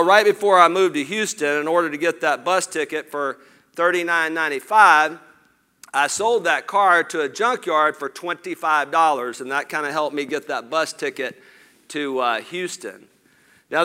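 A middle-aged man from Lower Alabama with a Southern accent, telling folksy, animated stories with jokey asides as a speaker on an event stage. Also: clear, resonant tone. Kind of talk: storytelling keynote talk. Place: event stage before an audience.

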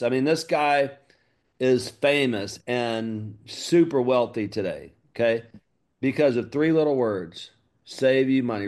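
A man, giving a coaching talk to his group about marketing. He talks with energy, leaning hard on key words and repeating them. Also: a little high. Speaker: business coach.

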